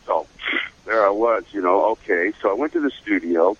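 An older man, a voice actor, telling career stories in a casual interview, animated and slipping into voices. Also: fairly low pitch, moderate pace, slightly rough, dull audio. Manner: animated storyteller who slips into voices. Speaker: voice actor guest.

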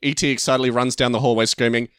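A man's voice: mid-range voice, little pitch movement, rapid-fire, a bit bright, clean tone, no echo, studio quality. A man co-hosting a podcast, casually narrating a made-up story with a playful, chuckling manner. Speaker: podcast co-host. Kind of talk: casual chat, pitching a story.

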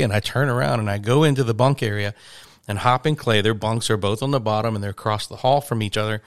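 A man's voice: lowish voice, brisk, no room sound, studio quality. A man telling a long, rambling touring anecdote in casual conversation, acting out the quoted voices. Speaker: touring musician guest. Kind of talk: storytelling in casual chat.

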